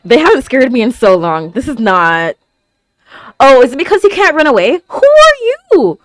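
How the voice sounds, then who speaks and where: A woman's voice: high voice, sing-song, moderate pace, dry recording. A woman hosting a reaction video, talking over an anime episode with gasps, stammers and constant exclamations. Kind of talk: live anime reaction commentary.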